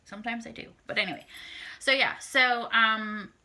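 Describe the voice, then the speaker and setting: A woman's voice: on the high side, fairly even intonation, normal speed, pushed and bright. A woman, telling a dating story to camera in a blunt, profane, casual way. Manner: blunt, heavily profane, acts out her own reactions. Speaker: vlogger.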